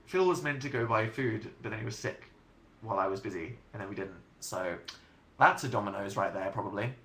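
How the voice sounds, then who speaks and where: A man's voice: fairly low pitch, lively intonation, brisk, a bit bright, slight background noise. Chatty English man live-streaming from his room. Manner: rambling, self-mocking, chatty with frequent laughs. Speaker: livestream host answering chat. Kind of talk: casual livestream chat. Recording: roomy home webcam sound.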